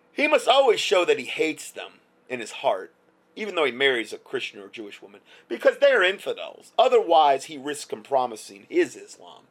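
A man's voice: mid-range voice, wildly swooping pitch, moderate pace, a bit bright. Heated, sarcastic male commentator. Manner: heated, sarcastic, repetitive restarts. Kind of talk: ranting opinion commentary.

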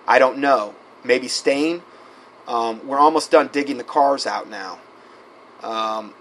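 A man's voice: mid-range voice, fairly bright tone, slight background noise, poor audio. A man preaching, reading out a string of quoted messages and adding his own asides and fillers. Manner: reads quoted texts aloud with asides, many fillers. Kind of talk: sermon-style recounting.

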